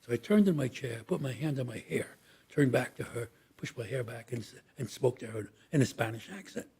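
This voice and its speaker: A man's voice: mid-range voice, fairly quick, creaky, a little mellow, breathy edge. An older man, an actor as a guest, telling long rambling anecdotes in an interview and acting out the voices he quotes. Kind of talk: storytelling interview.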